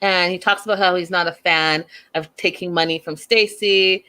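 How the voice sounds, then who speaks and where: A woman's voice: steady tone, normal speed, pushed and bright, clean tone. Chatty opinionated woman recapping TV. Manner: chatty, opinionated, acts out quotes in a high voice. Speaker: host recapping a reality show. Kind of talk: casual recap chat.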